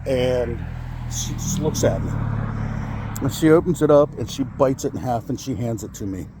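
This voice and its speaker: A man's voice: mid-range voice, expressive, normal speed, background noise. A man in his forties telling a personal story in a vlog, angry and upset, swearing and rambling with many fillers. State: upset, shaky with anger. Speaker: vlogger. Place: in a car.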